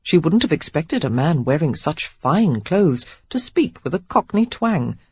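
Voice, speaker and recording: A woman narrating a romance audiobook in an expressive, steady storytelling manner. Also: sits low, a little slow, breathy edge, no echo, dull audio. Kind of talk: scripted narration.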